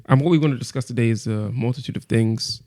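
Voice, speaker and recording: A young man hosts a casual podcast chat and presses his co-hosts with steady, persistent questions. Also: medium pitch, fast. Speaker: podcast host leading discussion.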